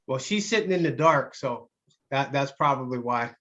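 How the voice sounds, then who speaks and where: A man hosting a casual online Q and A, talking haltingly with many fillers. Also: medium pitch, lively intonation, a bit bright, dull audio. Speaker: host of online Q and A.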